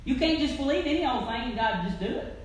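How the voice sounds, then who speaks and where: A woman preaching a sermon in a church, swinging from loud calls to near-whispers. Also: high-pitched, lively intonation, quick pace. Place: church sanctuary. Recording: echoey church with faint noise.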